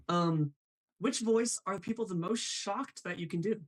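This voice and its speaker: A man's voice: high-pitched, slow pace, low-quality recording. A man hosting a live show, chatting about voice impressions in a bubbly way, laughing often and reading out viewer comments. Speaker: host.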